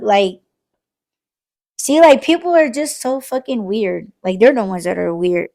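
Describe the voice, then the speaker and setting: Her voice is gravelly and fairly high, moving at a moderate pace. This podcast host keeps the late-night talk casual and profane, animatedly performing both sides of the exchanges she recounts.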